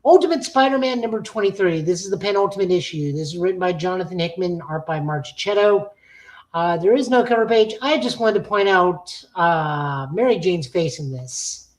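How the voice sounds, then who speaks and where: Reviewing comics in casual chat, a woman podcast co-host gives opinionated takes with many fillers. Her voice is on the low side and expressive, at normal speed, over a rough recording.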